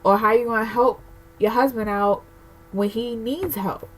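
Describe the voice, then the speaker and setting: A woman's voice: on the high side, steady tone, a little slow, low-quality recording. A pregnant young woman vlogging a candid, emotional rant to camera, rambling with lots of fillers. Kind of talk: casual personal rant to camera.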